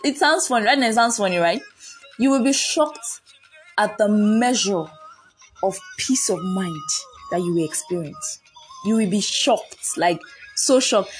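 A woman's voice: fairly high pitch, poor audio. A woman giving a faith-based motivational talk, emphatic and commanding, repeating her points and laughing often.

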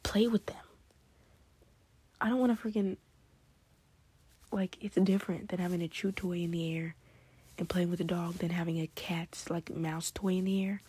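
A woman's voice: mid-range voice, a little mellow, breathy edge. A teenage girl vlogging alone late at night, rambling from topic to topic with giggles, gushing exclamations and frequent whispered asides. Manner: scattered, drifts into whispered asides.

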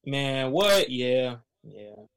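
A man co-hosting a casual chat, dropping in short, relaxed replies. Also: mid-range voice, very slow, smooth. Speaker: co-host.

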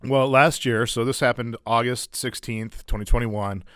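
A man's voice: mid-range voice, steady tone, normal speed, fairly bright tone, no echo, studio quality. A man from Arizona, telling a detailed personal story in a casual chat, earnest with a wry humor. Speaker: podcast co-host and guest storyteller.

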